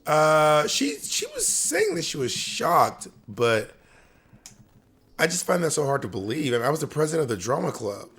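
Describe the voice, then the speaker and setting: A man in his thirties from the American South, co-hosting a casual podcast and acting out quotes as he tells animated stories. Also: fairly high pitch, normal speed, slightly rough. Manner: animated storyteller, acts out quotes. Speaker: podcast co-host. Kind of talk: casual chat.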